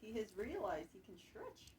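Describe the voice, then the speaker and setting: A woman's voice: mid-range voice, sing-song, normal speed, darkish tone, slight background noise. A woman at home teasing and chatting casually about a cat.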